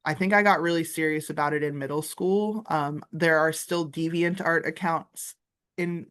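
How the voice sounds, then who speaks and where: A woman's voice: low voice, fairly even intonation, normal speed, fairly bright tone, smooth. A woman in her thirties from Florida, an artist and comics teacher, chatting casually in an interview with lots of filler words over a video call. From Florida, USA. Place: art studio, indoors.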